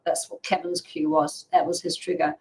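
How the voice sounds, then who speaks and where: A woman's voice: low voice, level tone, normal speed, darkish tone, rough recording. A woman guest on a podcast, chatty and explanatory, with frequent fillers and laughs. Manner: chatty, frequent "you know" and "um", laughs often. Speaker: dog behaviour expert guest. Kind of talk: casual podcast interview.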